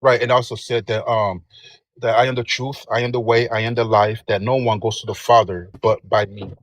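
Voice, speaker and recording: A man's voice: on the low side, little pitch movement, normal speed. A man calling into a live stream debate, rambling and repeating phrases as he insists on scripture. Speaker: caller. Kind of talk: call-in debate.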